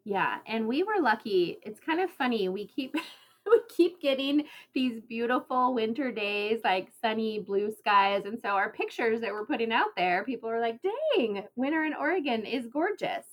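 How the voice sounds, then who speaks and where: A woman's voice: a little high, expressive, moderate pace. A woman co-hosting a podcast, chatty and laughing easily. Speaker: podcast co-host. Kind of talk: casual chat.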